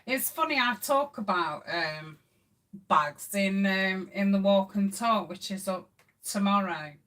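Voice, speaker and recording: A woman's voice: medium pitch, a little slow, a bit bright. A middle-aged woman hosting a casual craft live stream, chatting with viewers and reading their comments with plenty of ums. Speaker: craft channel host.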